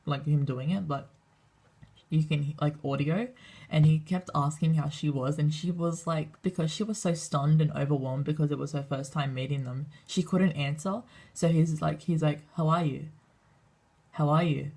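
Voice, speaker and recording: A teenage girl vlogging in an excitable, rambling way, swearing freely and tripping over her words. Her voice sits low and has a gravelly, husky edge. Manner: excitable, swears a lot, fast rambling with many fillers. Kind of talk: casual storytime vlog.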